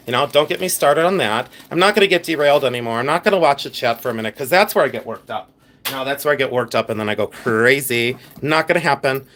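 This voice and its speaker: A man's voice: medium pitch, fairly bright tone. A man with a Pennsylvania Dutch accent hosting a casual livestream, chatting and reading viewer comments aloud with rambling asides. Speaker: livestream host.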